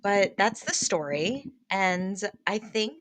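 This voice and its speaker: Woman podcast co-host, casual, quick reactions, mid pitch. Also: animated, fairly bright tone, no echo. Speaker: pottery studio co-owner and podcast host. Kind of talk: casual chat.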